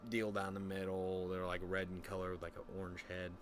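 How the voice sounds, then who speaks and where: A man's voice: deep voice, fast talker, a little hiss or hum. Young man telling a rambling profane story. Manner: rambling, profane, animated quoting. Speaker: streamer. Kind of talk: casual storytelling chat.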